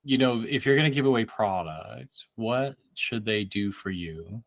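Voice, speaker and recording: A man's voice: on the low side, lively intonation, a little slow, gravelly, no room sound. A man co-hosting a podcast in casual chat, often repeating words as he starts his sentences. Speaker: podcast co-host.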